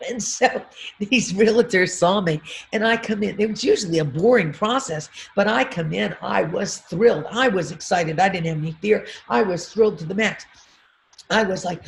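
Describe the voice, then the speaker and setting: A middle-aged woman, a motivational speaker, telling a personal story on a video call in an animated way, repeating affirmations and laughing often. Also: mid-range voice, moderate pace, gravelly, slight background noise.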